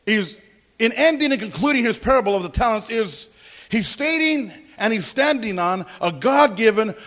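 Male pastor, high register, animated and emphatic, preaching to his congregation. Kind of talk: sermon.

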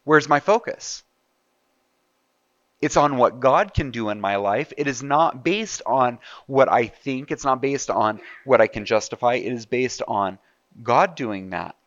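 A man's voice: medium pitch, lively intonation, measured pace, a bit bright, dry recording, dull audio. A man preaching a sermon in a conversational way, asking his listeners rhetorical questions. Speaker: pastor.

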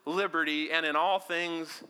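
A man delivering a sermon at a church service, his voice pitched high and ringing with a sharp, forceful edge. He drops to a hush one moment and surges to loud emphasis the next, and he calls on the congregation to answer back. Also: fairly even intonation, measured pace, clean tone. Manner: swings from hushed near-whispers to shouted emphasis; leads the congregation in call-and-response. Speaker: pastor.

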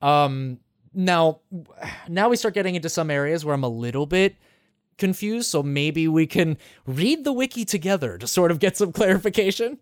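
A male podcast host recapping a game in loose, casual chat. His pitch swings widely as he swears, laughs and restarts his sentences. The sound is dry and close, with no room echo. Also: normal speed. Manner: animated, swears freely and laughs often; rambling with frequent restarts.

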